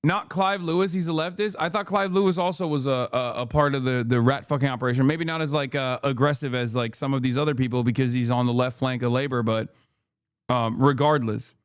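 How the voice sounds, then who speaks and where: A man's voice: medium pitch, fairly even intonation, brisk, smooth, dry recording, studio quality. An American man giving heated, profane and sarcastic commentary while reacting to clips. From United States. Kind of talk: ranting commentary.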